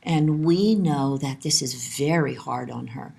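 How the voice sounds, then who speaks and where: A woman lecturing on child development, calm and explanatory, repeating her key points. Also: extremely low pitch, a little slow, vocal fry, breathy edge. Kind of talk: instructional lesson narration.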